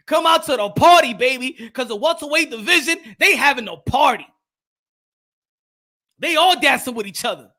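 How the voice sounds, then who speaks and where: A man hosting a live boxing stream, loud and animated, trash-talking fighters and hyping his viewers. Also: very high-pitched, normal speed. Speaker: boxing commentator.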